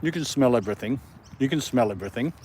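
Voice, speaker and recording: A man's voice: mid-range voice, expressive, quick pace, darkish tone, breathy edge. A man chatting casually on a live stream, talking to his dog and viewers and laughing often. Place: park outdoors in the evening.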